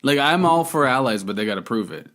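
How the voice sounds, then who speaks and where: A man's voice: mid-range voice, sing-song, fast, fairly bright tone. A man from Canada co-hosting a podcast, talking in a heated, profane, casual way. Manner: heated, profane, swears freely. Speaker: podcast co-host. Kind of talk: casual chat.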